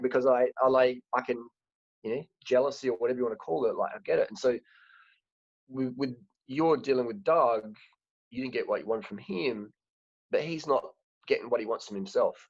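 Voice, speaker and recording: Husky man, frank rambling talk. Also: medium pitch, brisk, dry recording. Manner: rambling, frank, repeats words as he restarts. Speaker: host. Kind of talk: casual chat. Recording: dry, dull lo-fi sound.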